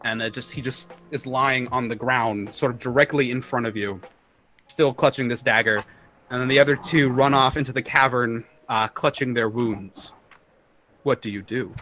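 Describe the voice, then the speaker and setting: A man's voice: medium pitch, steady tone, moderate pace, pushed and bright, a little hiss or hum, rough recording. A man narrating as game master of a tabletop game, describing scenes in a loose, descriptive way with many fillers.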